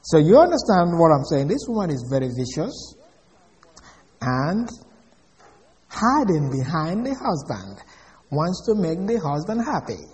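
A man's voice: on the high side, big pitch swings, unhurried, long pauses, darkish tone. A man preaching a sermon in an emphatic way, often putting questions to his listeners. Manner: emphatic, asks the audience questions. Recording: echoey hall.

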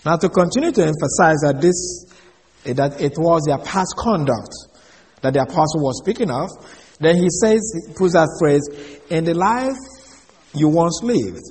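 A man giving an expository Bible lesson, measured and explaining Greek words one by one. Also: fairly high pitch, animated, darkish tone, big-room sound. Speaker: Bible teacher.

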